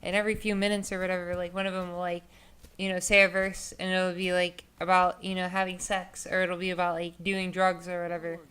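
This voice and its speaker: A woman's voice: fairly low pitch, completely flat delivery, a little fast, fairly bright tone, smooth. A young woman vlogger telling a story in a casual, rambling way, full of filler words and swearing.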